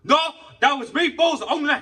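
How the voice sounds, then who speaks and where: A bossy sandwich shop worker, pitched high and loud, dismissive and insistent, as a man mocks him. The voice is bright and sharp. It is recorded from a little away from the mic. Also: moderate pace, distant mic. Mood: snappy, dismissive.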